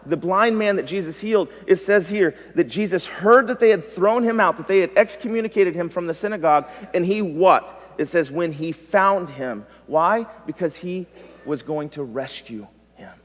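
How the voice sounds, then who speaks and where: Pastor guy preaching, kinda high voice, big loud-to-quiet swings, long church hall echo. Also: expressive, moderate pace. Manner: preaching with dynamic swings from loud emphasis to hushed tones. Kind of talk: sermon. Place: church sanctuary.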